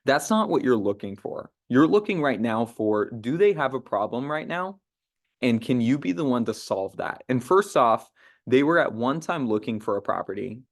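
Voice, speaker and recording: A man's voice: mid-range voice, big pitch swings, moderate pace. A young man running an online sales training call, talking casually with lots of fillers and restarts. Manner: conversational, many "uh" fillers and restarts, acts out sample phone lines. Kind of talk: casual team training talk.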